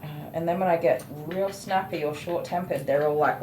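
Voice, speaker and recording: A woman's voice: deep voice, unhurried. A middle-aged woman, chatting frankly and laughing at herself while grooming a dog. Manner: frank, self-mocking, laughs often. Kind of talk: casual chat while grooming. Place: grooming room. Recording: echoey room, faint noise.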